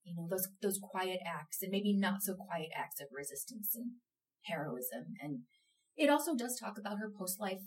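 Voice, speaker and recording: A woman who runs a theater company, chatting in an interview and telling a story with animated, emotional energy. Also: medium pitch, normal speed, distant mic, low-quality recording. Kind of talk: casual interview chat.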